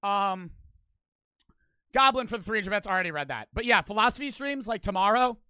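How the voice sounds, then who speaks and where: Livestreaming in a high-pitched, expressive voice that is sharp yet clear and resonant, this young man talks fairly quickly and sounds slightly winded. He speaks crudely and casually to his chat, swearing and reading donations aloud, in a dry recording.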